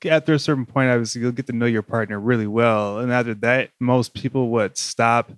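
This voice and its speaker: A man's voice: mid-range voice, steady tone, fairly quick, no echo, clean studio sound. A man co-hosting a podcast, asking rambling, curious questions. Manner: inquisitive, asks rambling questions. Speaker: podcast co-host. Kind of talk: casual chat.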